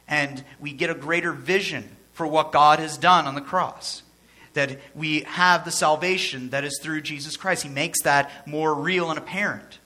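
Bright-voiced male pastor preaching. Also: on the high side. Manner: conversational, joking asides, repeats for emphasis. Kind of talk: sermon.

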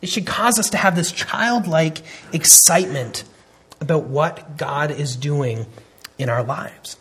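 Husky-voiced man preaching a sermon. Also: on the high side, a little slow, a bit bright. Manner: earnest, emphatic preaching with frequent restarts. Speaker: pastor.

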